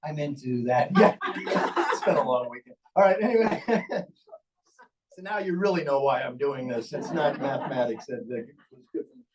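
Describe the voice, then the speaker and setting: A ventriloquist performs live comedic storytelling on a big hall's stage, joking with and teasing the audience in a chatty way. His voice is medium-pitched, animated, and at a normal pace, captured by a distant mic amid background noise.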